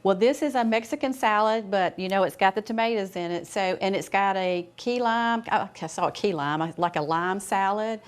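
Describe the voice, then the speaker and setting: A woman's voice: medium pitch, moderate pace, few pauses. A woman with an American accent co-hosting a cooking show, chatting in a homey way as she serves and tastes a salad. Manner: chatty and homey, thinking aloud while serving. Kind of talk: casual cooking show chat.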